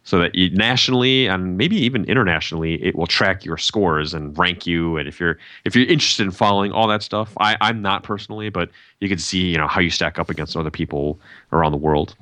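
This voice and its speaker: Low bright-voiced man in casual chat. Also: brisk, no echo. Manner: relaxed, chatty, laughs easily. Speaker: podcast host and tournament organizer.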